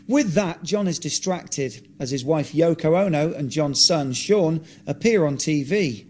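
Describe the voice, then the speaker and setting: A man reading his own script aloud in a plain, steady way. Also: fairly high pitch, measured pace, few pauses. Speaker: narrator.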